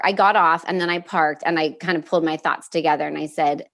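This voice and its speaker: Emotional woman with a lowish voice. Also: a bit bright. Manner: halting, with fillers and restarts; openly emotional, near tears at times. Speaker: podcast guest. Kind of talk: candid personal storytelling.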